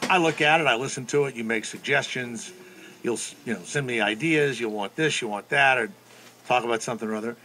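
A middle-aged man hosting a radio show, telling a story in casual chat with animated, rambling energy. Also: mid-range voice. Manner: animated, breaks into loud sing-song la-las. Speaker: radio host.

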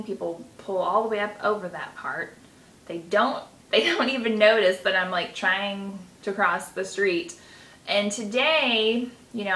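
Bright-voiced chatty woman, roomy echo. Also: medium pitch. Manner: chatty, rambling storyteller with many fillers. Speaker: self-help vlogger teaching EFT tapping. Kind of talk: casual talk to camera. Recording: roomy echo with faint noise.

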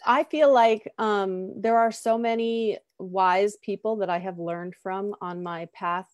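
A slightly hoarse woman speaking softly and haltingly on a video call. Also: medium pitch, fairly even intonation, dry recording, clean studio sound. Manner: soft, halting, emotional. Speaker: ministerial candidate. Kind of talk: casual video call chat.

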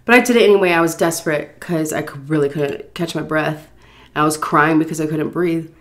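A woman's voice: low-pitched, brisk. Breathless woman chatting to viewers. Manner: chatty, addresses viewers directly. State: recovering from flu, sighing. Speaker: food vlogger. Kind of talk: casual storytelling to camera.

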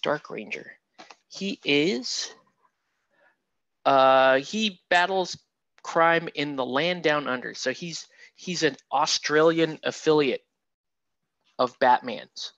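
A man streaming a painting session with a gravelly, fry-laced voice, rambling and joking with chat between brushstrokes. The sound is dry and close, and a little dull and muffled. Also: a little high, slow pace, pauses often, a bit bright, no echo. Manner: chatty, rambling, self-mocking, talks to chat as he paints. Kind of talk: casual livestream painting tutorial.

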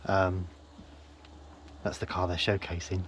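A man casually vlogging from his van at a forest campsite, rambling and chuckling, sometimes dropping to a hush so he isn't overheard, with a handheld camera picking up his voice. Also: sits low, monotone, unhurried. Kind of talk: casual camping vlog chat. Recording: noisy outdoor ambience.

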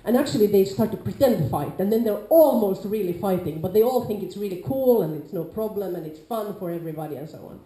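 A woman with a Nordic accent giving an informal lecture to a class, lively, acting out quoted players with sudden loud calls. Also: mid-range voice, fast, hardly any pauses. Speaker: lecturer on larp safety. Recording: echoey lecture room.

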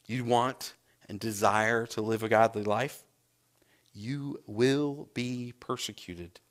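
A man's voice: mid-range voice, steady tone, slow. A man, a pastor preaching a sermon and acting out scripture scenes with big swings in his voice.

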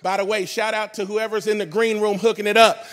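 High-voiced animated man preaching. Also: a little fast, big-room sound. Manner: animated storytelling, acting out characters in a street-slang voice. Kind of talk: energetic comedic sermon. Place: large conference hall.

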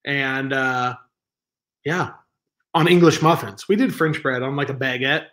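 A man's voice: medium pitch, measured pace, fairly bright tone. A man filling in as host of a live stream from home, rambling and joking at himself while reading the chat aloud. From Southern California. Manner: rambling, self-mocking, reads chat aloud. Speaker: livestream stand-in host.

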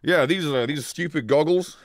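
A man's voice: fairly high pitch, brisk, dry recording, studio quality. A man casually chatting on a live stream, rambling and swearing, laughing often as he reads chat.

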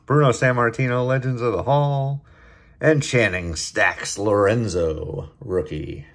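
A man hosting a casual card-opening video, chatting in a relaxed way and getting excited over good pulls. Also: sits low. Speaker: card-opening channel host.

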